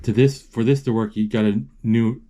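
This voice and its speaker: A man's voice: lowish voice, fairly even intonation, normal speed, mellow, natural voice. A man voicing a bossy, practical young girl in his own plain voice as he retells a film. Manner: instructive, bossy.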